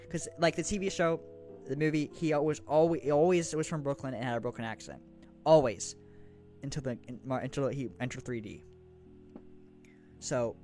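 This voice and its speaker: A man's voice: medium pitch, a little mellow. A young man co-hosting a casual podcast, talking with lots of ums and restarts and casual swearing. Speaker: podcast co-host. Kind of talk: casual chat.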